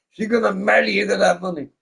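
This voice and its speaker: A man's voice: high-pitched, creaky, pushed and bright, husky. Tipsy, rambling streamer guy, swearing. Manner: rambling, profane, laughs often. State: a little drunk. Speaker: game streamer. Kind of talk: casual live-stream chat.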